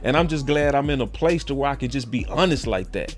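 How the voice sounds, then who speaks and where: A man with a mid-range voice hosts a sports podcast, talking fast and expressively in a fired-up, slangy way and repeating himself. It's heated, casual sports talk with soft music in the background.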